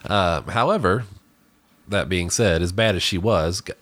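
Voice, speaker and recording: Very deep-voiced man rambling about a movie. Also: measured pace, a bit bright. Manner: rambling, with many restarts and fillers. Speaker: podcast co-host reviewing a movie. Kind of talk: casual movie review chat.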